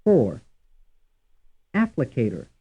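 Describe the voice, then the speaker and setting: A man reads out a language drill at a deliberate, unhurried pace, repeating each item twice. His husky voice moves with a lively rise and fall. The recording is thin and phone-like, like old course audio. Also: medium pitch. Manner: reads words twice, evenly paced. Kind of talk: slow, deliberate drill reading.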